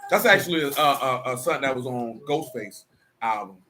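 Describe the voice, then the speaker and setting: Preaching man with a bright voice. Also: medium pitch, expressive, quick pace, a little hiss or hum. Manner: conversational, streetwise preaching with rhetorical questions. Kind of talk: sermon mixed with casual asides.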